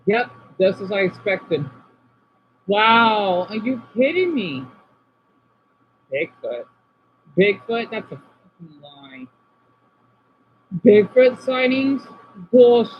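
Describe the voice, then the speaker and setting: Over a muffled recording with slight background noise, a high-voiced Arizona man streams casually. He reads out chat comments and reacts, going from subdued talk to sudden excited outbursts.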